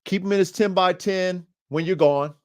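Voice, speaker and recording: Animated slangy man, higher voice. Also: normal speed, smooth. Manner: animated, slangy, addresses listeners as family and bro. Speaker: podcast host and dog trainer. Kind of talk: casual podcast monologue.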